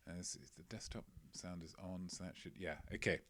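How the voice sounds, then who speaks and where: A man's voice: low-pitched, steady tone, a little fast, background noise. A man hosting a casual livestream quiz, playful and chatty, often repeating his own phrases. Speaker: quiz host.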